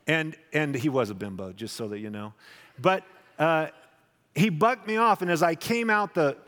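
A man, preaching a sermon and telling lively personal stories, acting out the people in them. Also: a little high, moderate pace. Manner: animated storyteller, acts out voices. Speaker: pastor. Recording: hall with long reverb.

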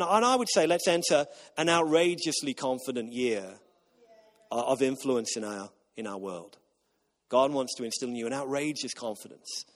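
A man preaching a sermon as pastor, emphatic and repetitive, getting the congregation to repeat lines back. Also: medium pitch. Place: church auditorium. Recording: long reverb of a large hall.

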